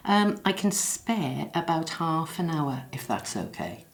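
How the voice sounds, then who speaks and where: An actress voices a bereaved middle-aged woman from the South Wales valleys, speaking in a low register with a soft Welsh lilt. She is practical but tender, and her halting, reflective lines keep breaking into apology as tears come close. It plays like a quiet filmed drama monologue. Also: big pitch swings, vocal fry, full character voice. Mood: sorrowful. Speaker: bereaved daughter interviewed in her office. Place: quiet office after hours.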